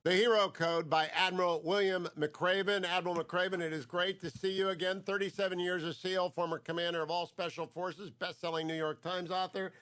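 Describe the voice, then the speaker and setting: A man's voice: sits high, little pitch movement, brisk, hardly any pauses, a bit bright. A man hosting a talk show interview, chatty and jokey, praising his guest before asking questions.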